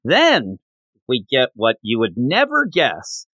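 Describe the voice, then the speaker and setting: Male podcast co-host, animated, breaks into character voices. Bright tone, dead-dry sound. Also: medium pitch, no room sound. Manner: animated, quotes characters in quick put-on voices. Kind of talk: casual manga discussion.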